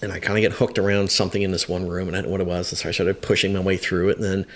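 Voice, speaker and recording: A man in his fifties, a firefighter guest, telling a story in a casual interview, halting with many fillers and restarts, candid and self-deprecating. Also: sits low, flat delivery.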